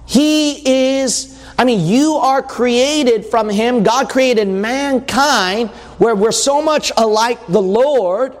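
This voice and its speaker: A man's voice: very high-pitched, slow pace. A man preaching a sermon in a conversational way, reading scripture and acting out quotes. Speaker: pastor. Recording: long hall reverb.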